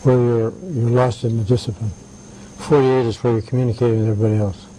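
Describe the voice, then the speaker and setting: Older man with a very dark voice. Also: medium pitch, level tone, slight background noise, rough recording. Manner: halting, anecdotal, frequent "right" and "uh". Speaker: interviewee. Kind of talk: conversational interview.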